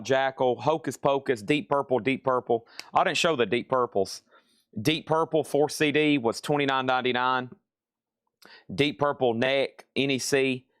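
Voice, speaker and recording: Male live-sale host, brisk and chatty, mid-pitched, dry room. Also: a bit bright, clean tone, no room sound. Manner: brisk item-and-price listing, chatty asides. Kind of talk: live-stream sales patter. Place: record shop.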